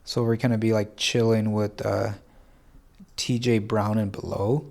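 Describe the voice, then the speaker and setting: A man's voice: lowish voice, flat delivery, a little slow, creaky, a little mellow. A man hosting a casual tutorial, thinking aloud as he works, hesitant and correcting himself, with a congested voice. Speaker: fantasy sports tutorial host. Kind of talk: casual screen-share tutorial.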